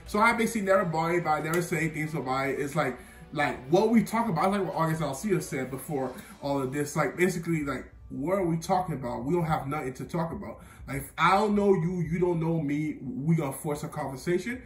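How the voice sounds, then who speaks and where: A man's voice: a little high, fast. A young man casually telling a personal story, rambling with lots of fillers and often laughing at himself. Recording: roomy sound, mic at a distance, faint music.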